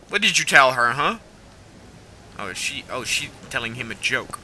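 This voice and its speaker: A young man rambling excitedly and swearing casually while commenting on a game as he plays. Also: medium pitch, slight background noise, poor audio. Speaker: gaming video host. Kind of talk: let's play commentary.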